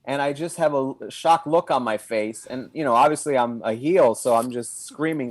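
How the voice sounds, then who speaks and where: A man telling a comic story in casual chat as a guest, with animated comic timing. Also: medium pitch, normal speed, few pauses, no room sound. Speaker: wrestling performer and guest.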